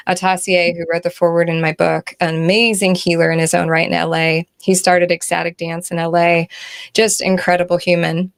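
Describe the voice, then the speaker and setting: A woman guest on an interview show, telling a personal story in an animated way, acting out the dialogue and laughing often. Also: lowish voice. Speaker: guest author and spiritual healer.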